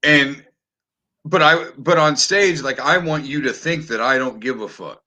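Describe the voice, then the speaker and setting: Animated, bright-voiced man chatting on a podcast. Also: medium pitch, unhurried. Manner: animated, swears freely, frequent restarts. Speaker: podcast host. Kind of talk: casual chat.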